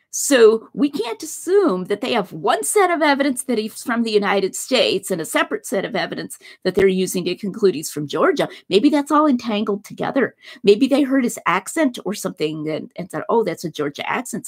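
A woman's voice: medium pitch, husky. A woman giving a conversational philosophy lecture, walking through a hypothetical example step by step.

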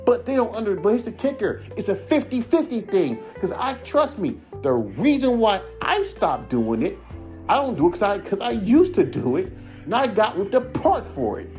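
A man's voice: high-pitched, sing-song, moderate pace, a little mellow, soft background music. A man in his thirties rants in a heated, profane, rambling way on a casual podcast. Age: 30s. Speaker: podcast host, rapper. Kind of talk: casual ranting monologue.

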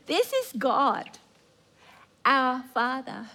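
A woman's voice: sits high, very animated, extremely slow, bright, forceful tone. A woman preacher delivering an earnest sermon with emphatic repetition.

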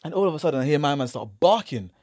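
A young man with a London accent telling a story on a casual podcast, acting out what people said with slangy, lively delivery. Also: fairly high pitch, rapid-fire, no room sound, studio quality. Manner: animated, acts out quotes, slangy. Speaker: podcast host.

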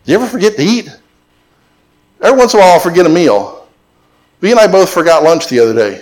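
A man's voice: sits high, lively intonation, fast talker, darkish tone. A middle-aged man preaching a sermon as pastor, mixing emphatic repetition with joking stories.

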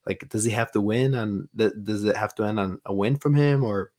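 A man's voice: lowish voice, a little fast, a little mellow. A man co-hosting a podcast in casual chat, earnest and hesitant, stumbling over his words. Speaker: podcast co-host.

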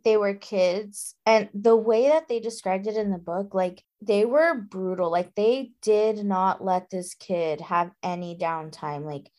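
A woman co-hosting a casual book podcast, animated and indignant, thinking out loud with lots of "like". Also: medium pitch, unhurried, hardly any pauses. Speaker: podcast co-host.

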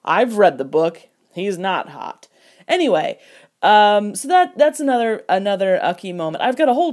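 A woman giving casual film commentary, animated and jokey, with mock outrage and quick impressions of characters. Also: lowish voice. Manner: quoting characters in quick put-on voices. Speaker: film reviewer.

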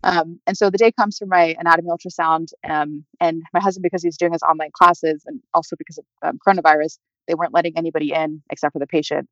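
A woman's voice: low-pitched, steady tone, fast talker, few pauses, a bit bright, no echo. A young adult woman, an interview guest, telling a personal story in a chatty way full of fillers. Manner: chatty, many fillers like "like" and "you know". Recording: dull, dry lo-fi audio.

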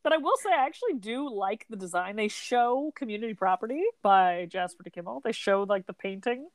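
A woman's voice: medium pitch, lively intonation, a little fast, dry recording. A woman co-hosting a podcast in casual chat, filler-heavy and swearing casually, laughing often. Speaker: podcast co-host.

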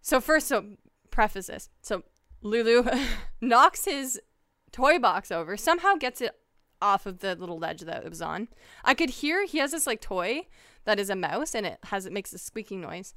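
A young woman co-hosting a podcast, telling a story in lively casual chat, swearing and acting out her own outbursts. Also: mid-range voice, moderate pace, no room sound, studio quality. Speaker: podcast co-host.

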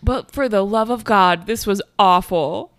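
A woman's voice: medium pitch, measured pace, no echo, studio quality. A woman co-hosting a podcast, talking casually and emphatically about a movie, swearing often. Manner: emphatic, sweary, reacts loudly. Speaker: podcast co-host.

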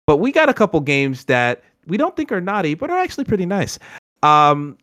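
Guy hosting a gaming podcast, bouncy up and down pitch, dry close mic, lots of um and uh. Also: brisk, no echo. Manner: animated, joking, many fillers. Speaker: podcast host. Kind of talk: casual chat.

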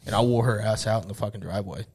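A man's voice: fairly low pitch, racing, a little mellow, breathy edge. A man in his thirties in casual chat, talking in a blunt, stern and profane way.

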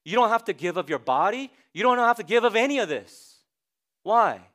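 High-voiced pastor preaching emphatically. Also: male voice, lively intonation, a little fast, a bit bright. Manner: conversational, emphatic, rhetorical questions. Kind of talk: sermon.

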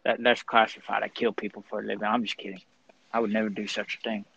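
A man's voice: fairly low pitch, little pitch movement, fast, creaky, fairly bright tone, husky, dry recording. A young man with a rural Pennsylvania accent, co-hosting a podcast and answering questions in a boastful, teasing redneck act. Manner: exaggerated redneck bravado, teasing. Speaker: podcast co-host. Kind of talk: joking in-character interview. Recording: dull lo-fi recording.

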